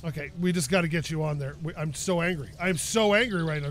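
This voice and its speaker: High, bright-voiced gaming YouTuber, chatty. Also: male voice, fast, slight background noise. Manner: chatty, talks to himself, swears when frustrated. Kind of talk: casual let's-play commentary.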